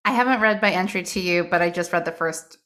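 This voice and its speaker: A podcast co-host with a lowish voice talks fast with a sharp tone, her speech echoing in a reverberant space. She chats casually, tells stories, and laughs often.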